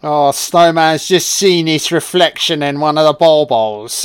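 A man's voice: on the high side, a little slow, hardly any pauses, clean tone. A man giving a sarcastic, foul-mouthed comedic commentary on a film. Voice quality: sweary, sarcastic, deadpan. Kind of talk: profane comedic movie commentary.

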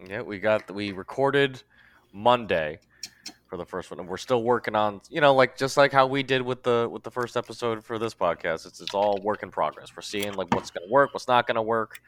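A man's voice: on the low side, normal speed, fairly bright tone, a little hiss or hum. A man hosting a casual podcast, rambling and breaking off mid-sentence, laughing at himself. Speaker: podcast host.

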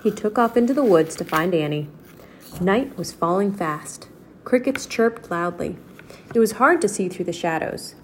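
A woman reads a children's chapter book aloud in a steady, clear voice. Her pitch sits in a comfortable middle range. A faint hiss stays in the background. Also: moderate pace. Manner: steady, clear storybook narration. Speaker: storyteller.

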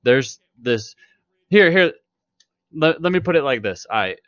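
A man's voice: mid-range voice, expressive, a little slow, a bit bright, no room sound, lo-fi sound. A man co-hosting a podcast, arguing his point emphatically in casual chat and swearing freely. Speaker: podcast co-host.

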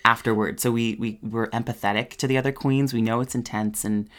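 A man's voice: medium pitch, fairly even intonation, fairly quick, a bit bright. A Canadian drag queen co-hosting a podcast, reflective and rambling, with many I don't knows. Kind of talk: casual podcast chat.

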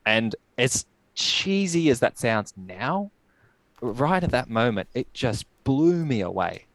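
A young man telling his story as a guest, reflective and halting with many restarts. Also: medium pitch, very animated, no echo, poor audio. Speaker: podcast guest. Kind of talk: casual storytelling.

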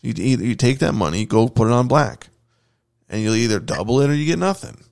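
Man, podcast co-host, gravelly, profane, joking banter, casual. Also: mid-range voice, expressive, brisk, darkish tone.

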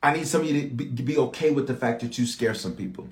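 A man preaches a sermon as bishop in an echoey room, animated and calling out to his congregation for response. His voice is mid-range and his pace quick.

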